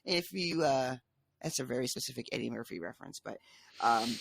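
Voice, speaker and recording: A woman's voice: deep voice, vocal fry, fairly bright tone, breathy edge, dry recording. A woman co-hosting a podcast, chatting casually about a book, laughing often and swearing freely. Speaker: podcast co-host.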